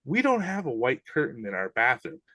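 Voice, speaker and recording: A man's voice: mid-range voice, huge pitch swings, fairly quick, pushed and bright, dry recording. A man, a podcast guest, animatedly recounting eerie experiences in casual, slangy speech. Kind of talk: casual storytelling.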